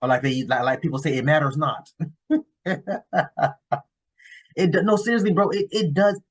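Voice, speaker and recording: A husky-voiced man talks straight at his viewers in a casual reaction video. He is blunt and swears freely, circling back through restarts as he makes his point. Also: on the high side, animated, normal speed. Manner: blunt, cursing, rambling with restarts. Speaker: YouTube commentator reacting to a clip.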